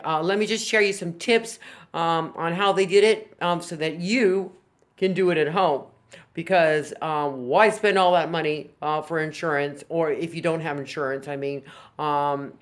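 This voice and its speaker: A woman vlogging directly to camera about her own recovery, speaking frankly and earnestly, with plenty of fillers. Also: on the low side. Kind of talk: casual direct-to-camera talk.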